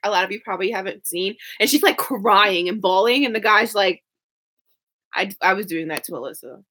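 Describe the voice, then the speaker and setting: A woman's voice: medium pitch, a little fast, a bit bright. A young woman co-hosting a live show discussion, teasing and laughing between remarks. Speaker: co-host.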